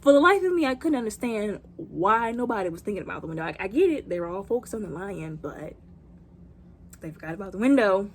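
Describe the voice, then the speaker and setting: A woman's voice: mid-range voice, animated, fairly quick, slight background noise. A woman giving a comedic movie recap, dramatic and sassy, with playful asides. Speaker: movie reviewer.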